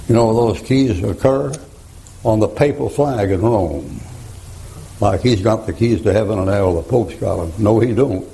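Gravelly folksy preacher. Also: male voice, fairly low pitch, a little slow, dark tone, a little hiss or hum, rough recording. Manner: folksy, joking, laughs at own stories. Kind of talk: folksy sermon.

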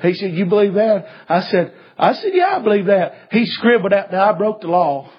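A man preaching a sermon, telling a story in a folksy way and swinging from hushed tones to shouts. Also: high-pitched, moderate pace, slightly rough. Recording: dull lo-fi recording.

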